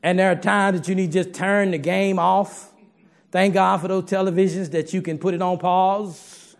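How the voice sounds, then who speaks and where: A man's voice: sits high, little pitch movement, normal speed, creaky. A man preaching a sermon to his congregation in a folksy, humorous way, talking straight to the listeners.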